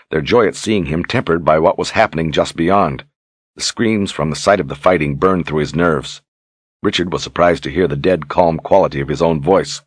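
Deep-voiced man narrating a fantasy audiobook. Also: breathy edge, dry recording.

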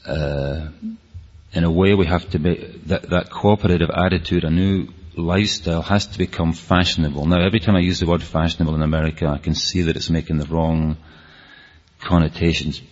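Scottish man, low husky voice, earnest rambling public talk, dull lo-fi hall sound. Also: steady tone, brisk, darkish tone. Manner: earnest, rambling, with frequent restarts. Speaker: speaker.

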